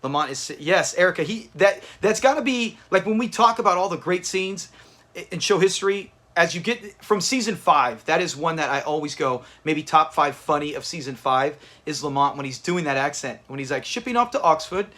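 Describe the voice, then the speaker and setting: High-voiced man chatting on a live stream. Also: fairly quick, fairly bright tone. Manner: chatty, reads out viewer names, restarts often. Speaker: host of a live watch party. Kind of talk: casual live-stream chat with viewers.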